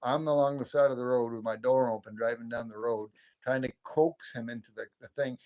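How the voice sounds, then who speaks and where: A man's voice: mid-range voice, fairly even intonation, a little fast, highs cut off. A man hosting a late-night livestream, chatting in a rambling, friendly way, chuckling often and answering viewer comments. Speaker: livestream host.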